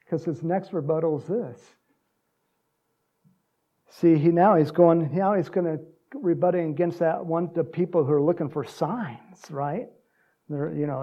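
A man preaching a sermon in a lively, conversational way, acting out voices and laughing along. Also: normal speed, lo-fi sound. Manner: animated, acts out quotes with big pitch jumps and laughs. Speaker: pastor.

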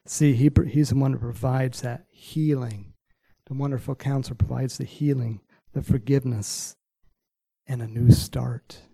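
A man preaching a sermon, acting out a Bible story with voices for the characters and chuckling often, then praying softly, at times in a whisper. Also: medium pitch, steady tone, measured pace, gravelly, slightly rough, no room sound, low-quality recording. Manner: prays softly, sometimes in a whisper. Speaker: pastor.

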